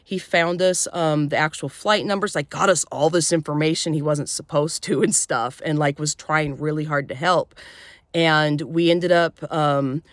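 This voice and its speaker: A woman vlogger telling a personal story in an emotional, halting way, often breaking off and restarting. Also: sits low, fairly even intonation, no echo, clean studio sound.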